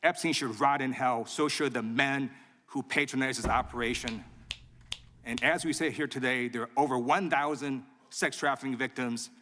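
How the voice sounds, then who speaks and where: A man questioning a witness in a formal hearing, pressing hard and accusing. His tone is bright and cutting, carried on a long reverb from the hearing room. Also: medium pitch, fairly even intonation, normal speed, a little hiss or hum. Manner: insistent, accusatory.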